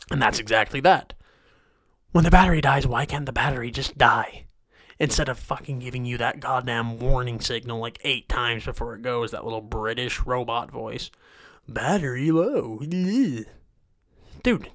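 A man's voice: mid-range voice, pushed and bright, no room sound, studio quality. A man hosting a comedy rant show, complaining in an exasperated, mock-angry way with a lot of swearing.

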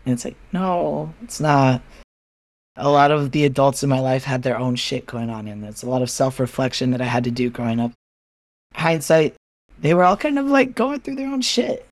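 A man talking openly as a podcast guest, frank and animated, with occasional swearing. He slips into other people's voices when retelling a story. His voice sounds dry and close, with no room echo. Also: mid-range voice, brisk. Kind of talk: candid casual chat.

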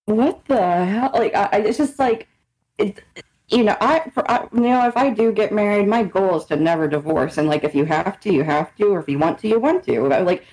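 A woman's voice: medium pitch, fairly quick, a little mellow, low-quality recording. A young woman co-hosting a casual podcast chat, talking animatedly, laughing often and acting out people she describes. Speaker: podcast co-host.

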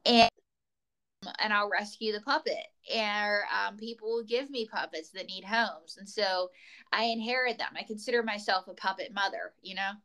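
A woman's voice: mid-range voice, moderate pace, sharp tone, poor audio. A woman comedian telling rambling, tangent-filled stories as a guest in a casual chat. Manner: rambling, tangent-prone storytelling.

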